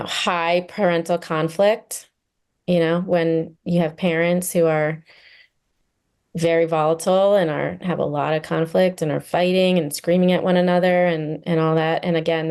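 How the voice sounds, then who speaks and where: A woman's voice: fairly low pitch, darkish tone, clear, resonant tone. A woman therapist speaking as a podcast guest, earnest and chatty with many fillers. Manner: earnest, with frequent fillers and quick laughs. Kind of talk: casual podcast conversation.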